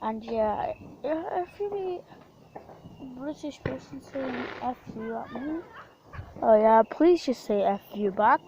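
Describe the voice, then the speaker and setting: Slow-talking defiant woman filming outdoors. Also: fairly high pitch, expressive, dull audio, noisy background. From Portugal. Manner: rambling, defiant, swears casually. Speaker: vlogger. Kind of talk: casual rambling vlog. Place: outdoors at night during fireworks.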